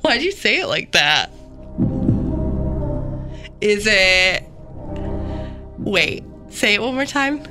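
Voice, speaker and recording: Female morning radio co-host as quiz contestant, cocky and joking, with clear music behind her in the studio. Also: medium pitch, very animated, slow, long pauses. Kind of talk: casual banter.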